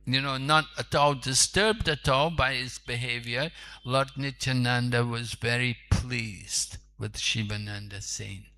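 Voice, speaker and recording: Male preacher, sermon storytelling; slow, bright, conversational with asides. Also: medium pitch, steady tone. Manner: unhurried, conversational, with asides to listeners. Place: temple.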